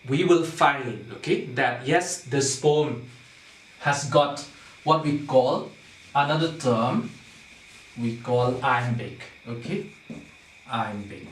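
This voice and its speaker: A man's voice: medium pitch, takes it slowly. A male teacher patiently explaining a poem to a class, often checking understanding with "okay?". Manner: patient, repeats points, keeps checking with "okay?". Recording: roomy sound, far from the mic, faint noise.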